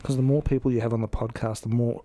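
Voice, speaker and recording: A man's voice: mid-range voice, flat delivery, quick pace, warm tone. A man, co-hosting a podcast in casual, jokey, rambling chat. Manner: jokey, rambling, self-mocking. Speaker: podcast co-host.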